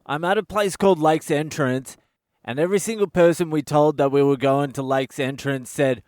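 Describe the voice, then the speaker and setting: A man's voice: a little high, normal speed, darkish tone, dry recording, studio quality. An Australian man hosting a comedy podcast, telling stories in a blunt, sweary, exasperated rant from a budget hotel room.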